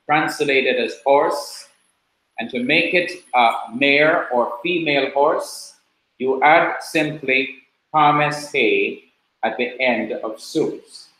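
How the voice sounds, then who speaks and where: A man teaching a class, explaining slowly and patiently and repeating key points. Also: medium pitch, bright, forceful tone. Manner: slow, patient explaining with repetition. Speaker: preaching school teacher. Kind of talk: classroom lecture. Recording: very echoey classroom.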